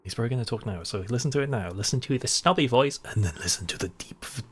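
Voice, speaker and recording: A man's voice: medium pitch, expressive, fast talker, a little hiss or hum. A young man, a voice actor, chatting casually while he streams a video game, enthusiastic about the voices he hears. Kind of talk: casual gaming stream chat.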